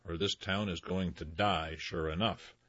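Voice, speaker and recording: A man voicing a worried, portly older male town mayor in a low, fretful tone. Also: steady tone, unhurried, fairly bright tone, no echo, highs cut off.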